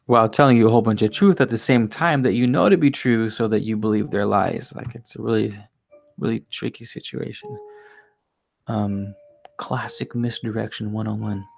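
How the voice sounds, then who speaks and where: With a lowish, creaky voice at a moderate pace, this young man reads and hosts at home by candlelight with a resin burner. He rambles casually through an intermission and swears without holding back.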